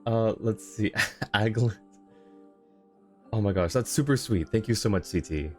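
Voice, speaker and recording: Low-voiced man chatting on a stream. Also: unhurried, warm tone, soft background music. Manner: effusive, thanks viewers, laughs often. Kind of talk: casual live-stream chat while gaming.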